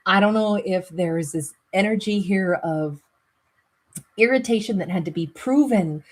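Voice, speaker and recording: A woman with a slightly husky, breathy voice talks through a tarot reading in a loose, conversational way. She rambles, thanks viewers, and laughs easily, wandering off on tangents. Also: medium pitch, unhurried, rough recording. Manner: chatty, rambling, laughs often. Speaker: tarot reader. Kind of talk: casual tarot reading monologue.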